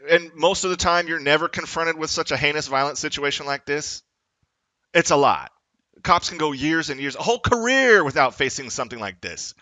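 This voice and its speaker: Angry man ranting, bright and dry. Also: on the high side, no echo. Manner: angry, profane, rising to shouts. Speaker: vlogger. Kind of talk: confrontational political rant.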